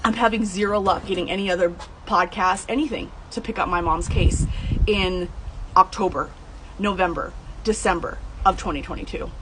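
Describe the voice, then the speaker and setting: A woman in her thirties or older, telling her own story in a blunt, heated way, swearing and breaking into high outbursts. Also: steady tone, normal speed, fairly bright tone, a little hiss or hum, rough recording. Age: adult, over 30. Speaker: true crime vlogger telling her mother's case. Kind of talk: emotional first-person storytelling.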